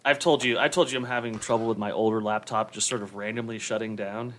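A man's voice: on the low side, fairly even intonation, fast talker, a bit bright. A man co-hosting a podcast in casual chat, dropping dry wisecracks and laughing at his own jokes. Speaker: podcast co-host.

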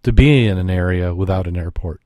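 Chatty podcast host, low voice. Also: male voice, brisk, mellow, dry recording, clean studio sound. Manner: chatty, laughs easily. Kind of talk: casual chat and joke telling.

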